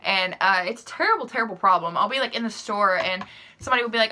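A woman's voice: mid-range voice, expressive, quick pace, bright, forceful tone. A young woman vlogging casually, rambling through personal questions with lots of "like" and "um" and easy self-deprecating laughs. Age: young adult. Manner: chatty, rambling, full of "like" and "um". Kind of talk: casual chat answering questions.

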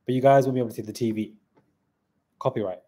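A man hosts a live stream in a loose, chatty way, reading viewer comments aloud and answering them on the fly. His voice sits at a middling pitch with a mellow, warm tone. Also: steady tone, fast, slightly rough.

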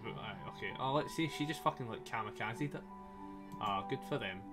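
A man with a mid-range voice talks a little fast while casually commenting on a story game he's playing live. He jokes with his chat, laughs often, and swears freely, his voice slightly strained. Faint game soundtrack music plays in the background.

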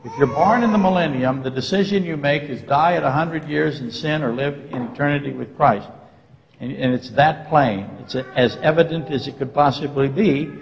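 A man lecturing on scripture from the front of a church, pitched slightly high for a man. He keeps throwing questions back at his listeners and slips in dry, tongue-in-cheek remarks. The sound carries a long, hall-like reverb from the sanctuary. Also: normal speed, vocal fry. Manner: rhetorical questions to the congregation, dry facetious asides. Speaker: Bible teacher. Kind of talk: verse-by-verse Bible lecture.

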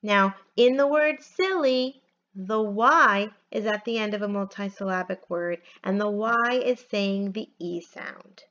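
A woman teacher giving a phonics lesson from home, spelling words out letter by letter in a slow, careful way. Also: medium pitch, fairly bright tone, dull audio.

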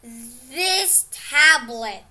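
Young woman from the Philippines, gaming vlogger, slow-talking but excitable, shrill and bright. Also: slight background noise. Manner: excitable, bursts into loud exclamations. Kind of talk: gaming commentary.

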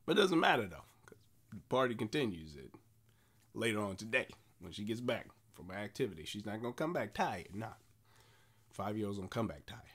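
A man in his forties, a comedian delivering an animated, repetitive monologue. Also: on the low side, brisk, slightly rough. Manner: animated storytelling with repeated phrases.

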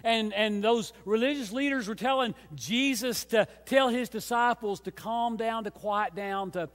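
A man pastor preaching a sermon with emphatic, repeated refrains, swinging between hushed and loud passages. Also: sits high, unhurried, hardly any pauses. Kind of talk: Easter sermon. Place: church sanctuary. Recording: long church reverb.

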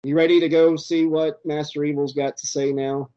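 A man's voice: a little high, little pitch movement, normal speed, warm tone, clean tone, muffled recording. A man co-hosting a jokey, riffing movie commentary track. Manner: jokey, playful. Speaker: co-host.

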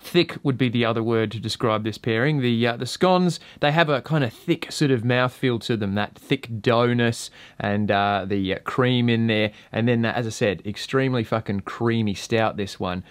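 A relaxed Australian man talks through a casual review and swears freely. His voice sits at a middle pitch and sounds dry and close, with no room echo. He keeps an easygoing, chatty pace. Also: normal speed. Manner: laid-back, swears freely. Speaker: vape and beer reviewer.

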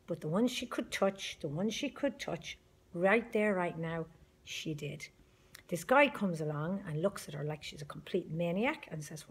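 A woman's voice: medium pitch, breathy edge. Lady, middle-aged, chatty pep-talk video to her group, really emphatic. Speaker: support group leader. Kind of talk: motivational video message.

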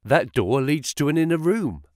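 Male reader voicing an excitable young clerk, pitched up, eager exclaimer. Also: normal speed, no echo, studio quality, lightly acted. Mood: excited.

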